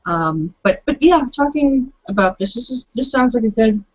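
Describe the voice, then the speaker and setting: A woman's voice: a little high, lively intonation, normal speed, highs cut off. A woman player chatting casually about her tabletop character, giggly and stumbling over her words. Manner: giggly, laughs often, stumbling restarts. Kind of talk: casual chat planning a tabletop game.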